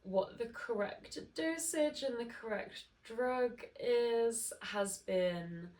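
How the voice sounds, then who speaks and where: A woman's voice: fairly high pitch, slow pace, a little mellow, recorded from a distance. A woman in her thirties hosting a casual podcast, sounding nasal and stuffy, chatting in a rambling way with lots of fillers. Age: 30s. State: nasal from hay fever. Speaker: podcast host. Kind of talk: casual chat.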